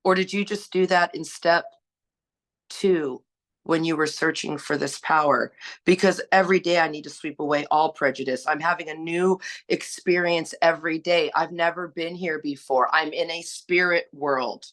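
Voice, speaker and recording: A woman's voice: sits low, steady tone, normal speed, a bit bright. A woman sharing her recovery story on a panel, earnest and exhorting, asking rhetorical questions. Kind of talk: personal sharing, preachy.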